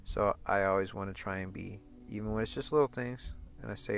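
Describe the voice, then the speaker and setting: A man's voice: lowish voice, steady tone, fast, vocal fry, soft background music. A man streaming a game, talking in a profane, rambling rant full of restarts and repeated words. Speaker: gaming streamer. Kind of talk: casual chat over gameplay.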